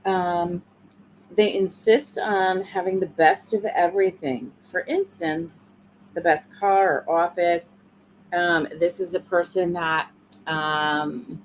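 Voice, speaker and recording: Unhurried female co-host, mid pitch, filler-heavy, light background noise. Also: fairly even intonation, rough recording. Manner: slow, reads points with fillers. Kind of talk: casual livestream discussion.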